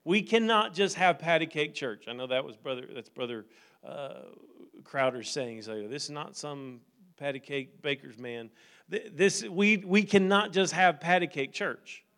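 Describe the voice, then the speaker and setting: Male pastor, middle-aged, high voice, casual sermon that builds in fervor. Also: normal speed, fairly bright tone, clear, resonant tone. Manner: conversational, building to fervent preaching.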